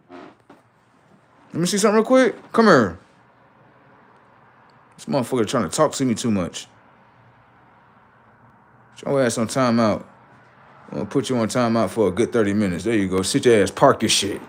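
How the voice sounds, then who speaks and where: A man's voice: medium pitch, animated, normal speed, pauses often. A young man live-streaming, doing brash, profane, mocking banter with his chat. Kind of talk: casual live-stream commentary.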